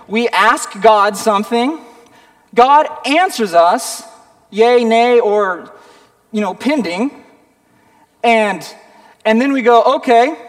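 A man preaching a sermon as a pastor, animated, acting out the voices of people at prayer. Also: high-pitched. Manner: animated, acts out voices of petitioners. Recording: reverberant hall.

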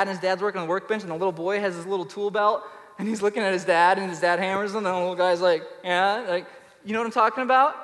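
A male pastor preaching a sermon emphatically, his voice swinging from loud to soft. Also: sits high, big-room sound.

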